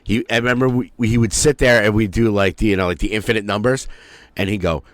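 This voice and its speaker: A low-pitched man in his forties trades crude, rambling school stories on a podcast. He drops into silly voices for old teachers, and his voice sounds dry and close, with no room around it. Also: steady tone, quick pace, no room sound. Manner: profane storytelling, mimics teachers in funny voices. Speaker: podcast co-host. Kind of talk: casual chat.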